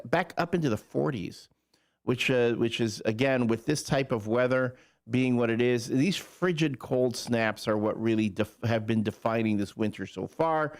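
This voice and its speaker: Male morning radio host, jokey and rambling, easygoing banter into a studio mic. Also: mid-range voice. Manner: jokey, rambling, with playful asides. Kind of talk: casual morning radio banter and weather report.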